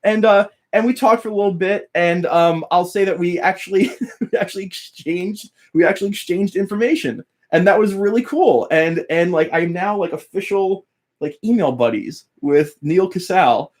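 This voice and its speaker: A man's voice: high voice, normal speed. A young adult man, a guitar teacher, eagerly telling a personal story in casual chat, laughing often and acting out what others said. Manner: animated, laughing, quoting others with voice changes.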